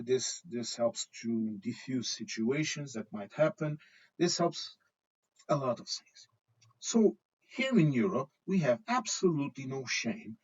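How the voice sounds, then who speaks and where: A man's voice: medium pitch, a little mellow, slightly rough. A middle-aged man from Portugal with a Portuguese accent, blunt and swearing freely as he gives his opinions in a casual vlog monologue, often checking in with "okay?". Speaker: vlogger. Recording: dull lo-fi recording.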